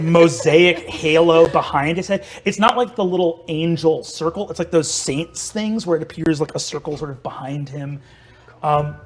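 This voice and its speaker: A young man narrating as game master, hesitant with lots of ums and uhs. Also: a little high.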